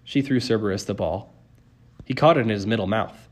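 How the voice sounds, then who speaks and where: A man narrating a first-person novel as an audiobook in an even, wry storytelling tone. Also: on the low side, a little fast. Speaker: audiobook reader.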